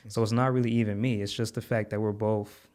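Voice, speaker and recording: A man's voice: lowish voice, flat delivery, a little fast, darkish tone, smooth. A man, a podcast guest and content creator, telling an earnest story in conversation, heartfelt, with repeated words and many fillers.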